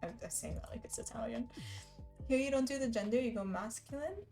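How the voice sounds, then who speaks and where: A woman's voice: fairly high pitch, a little fast, dark tone, faint music behind, low-quality recording. Chatty laughing woman streamer. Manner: chatty, rambling, laughs often. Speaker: live streamer. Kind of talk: casual chat.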